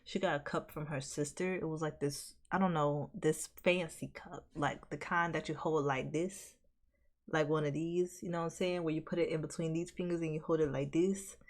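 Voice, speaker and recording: Woman streamer, low deep voice, rambling casual chat. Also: fairly even intonation, moderate pace. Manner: rambling, chatty storytelling. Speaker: streamer reacting to a video.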